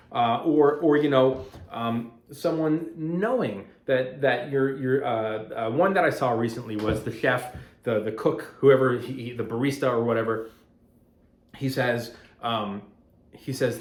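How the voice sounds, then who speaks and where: A man's voice: mid-range voice, moderate pace. Male finance vlogger, mid-range voice, rambling talk that turns emphatic, roomy echo from his apartment. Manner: rambling and conversational, grows heated and emphatic. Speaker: finance content creator. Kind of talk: casual talking-head vlog. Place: apartment at home. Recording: roomy echo of a home room.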